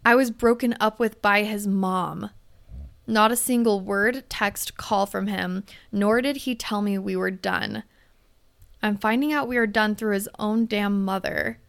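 A woman's voice: medium pitch, animated, measured pace, vocal fry. A young woman hosting a podcast, reading out a listener's letter and giving candid advice with lots of swearing and fillers. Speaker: podcast host. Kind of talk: casual advice talk.

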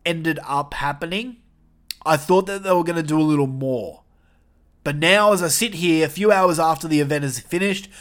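A young man hosting a casual wrestling review podcast, animated and swearing, with jokey asides. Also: a little high.

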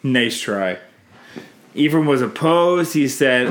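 A man hosting a casual family podcast at home, gently coaxing his kids with questions and often restarting his sentences. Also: mid-range voice, moderate pace. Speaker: podcast host interviewing his children. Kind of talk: casual family chat about a movie. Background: faint cleaning noise.

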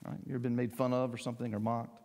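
A man preaching a sermon, emphatic, climbing to loud peaks and then dropping to quiet lines. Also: medium pitch, little pitch movement, very fast. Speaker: pastor. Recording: long hall reverb.

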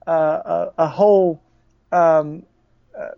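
Southern man, high voice, halting. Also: fairly even intonation, vocal fry, dry recording. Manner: halting, many restarts and fillers. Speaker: guest. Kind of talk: conversational storytelling. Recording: dull, dry lo-fi audio.

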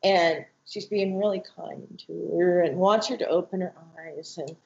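A woman's voice: on the low side, unhurried, vocal fry, a little mellow. A woman, a mother, tells an emotional personal testimony, acting out the voices she quotes. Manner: vivid retelling that acts out quoted voices, with restarts. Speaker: guest, mother telling her family's story. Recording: roomy, dull lo-fi sound.

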